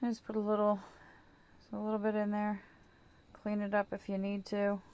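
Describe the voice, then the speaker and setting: A woman's voice: mid-range voice, completely flat delivery, fairly quick, darkish tone, clean tone. A woman chatting through a home craft tutorial, rambling and correcting herself as she works. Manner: playful baby talk to her dog. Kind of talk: casual how-to demonstration.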